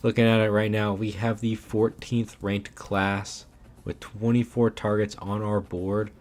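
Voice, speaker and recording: A young man giving casual, animated commentary over his own video game footage, ranting and saying "man" often. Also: fairly low pitch, unhurried, soft background music. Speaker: gaming YouTuber.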